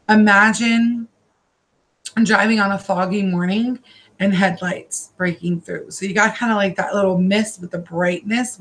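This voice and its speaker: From her own room, a psychic card reader gives a live-streamed reading in a middle-pitched voice. Her speech comes in halting, repetitive bursts that keep looping back with emotion.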